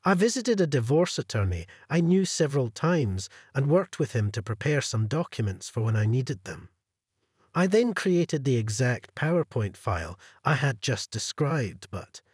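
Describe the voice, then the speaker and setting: A man narrating a first-person revenge story in a cold, measured way, with a husky voice. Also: mid-range voice, darkish tone, no room sound, studio quality.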